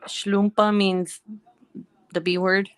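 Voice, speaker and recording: A woman's voice: medium pitch, flat delivery, takes it slowly, clean tone. A woman in her thirties, a mom at home in Hawaii, chatting casually, laughing often and humming little tunes. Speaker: vlogger. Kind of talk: casual chat while working.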